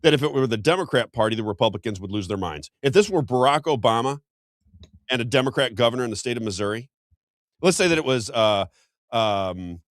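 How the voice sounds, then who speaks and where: Fast, heated male talk-show host. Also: medium pitch, animated, no room sound, studio quality. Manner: heated, rapid, with stumbles and repeated restarts. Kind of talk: political commentary.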